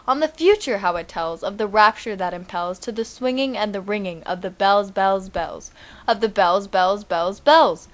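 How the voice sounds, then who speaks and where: A woman and student presenter giving a dramatic poetry recitation, building force on repeated refrains. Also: mid-range voice.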